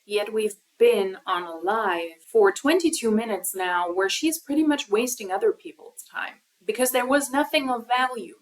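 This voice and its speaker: A woman's voice: medium pitch, poor audio. A woman giving critical, sarcastic commentary on a livestream she is reacting to.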